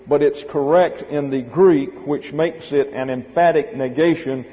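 A Bible teacher with a slightly high voice and a slightly slow pace gives a methodical Greek grammar lecture, spelling words letter by letter. The recording is dull and lo-fi, with a long hall reverb.

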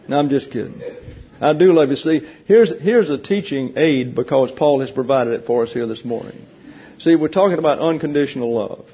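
A man leading a Bible class, teaching in a teasing, conversational way and explaining points slowly to a room of listeners. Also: medium pitch, slight background noise. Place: church classroom with an audience. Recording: dull lo-fi recording.

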